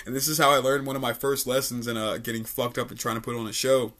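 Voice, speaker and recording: A young comedian from Richmond, Virginia, hosting a studio podcast and spinning a story in a loose, profane way. His voice is bright and forward, and he leans on fillers like "like" and "uh" as he goes. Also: mid-range voice, little pitch movement, fast. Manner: laid-back, swearing, lots of likes and uhs, laughs often. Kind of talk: casual storytelling chat.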